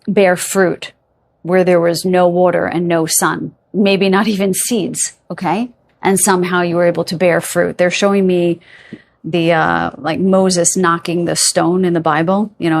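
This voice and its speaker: A woman giving a casual pick-a-card tarot reading, chatty and rambling, often checking in with "okay?" and "right?". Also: fairly low pitch. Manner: rambling with playful filler sounds.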